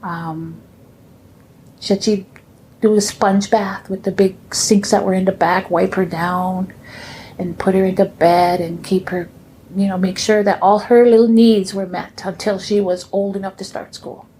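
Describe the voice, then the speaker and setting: A woman telling her family's stories in a gentle, unhurried way, with soft pauses. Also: mid-range voice, flat delivery, a little hiss or hum. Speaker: storyteller.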